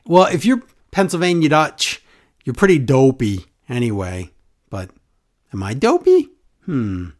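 An animated man hosting a casual podcast, his pitch jumping high and low as he talks. He reads listener emails aloud and jokes along the way. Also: a little slow. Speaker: podcast host. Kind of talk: casual wrestling podcast chat.

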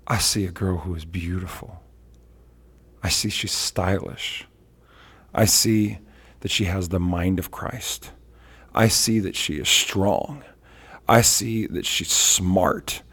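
Animated storytelling evangelist man, low voice. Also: takes it slowly, long pauses, husky. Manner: animated storyteller, acts out quotes. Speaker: traveling worship leader and evangelist. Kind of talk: storytelling on a faith talk show.

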